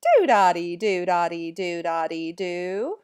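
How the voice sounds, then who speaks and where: Animated woman teaching kids a music lesson. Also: fairly low pitch, slow pace, clean tone. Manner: chants rhythm syllables, talks straight to kids. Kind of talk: recorded online lesson for children. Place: at home.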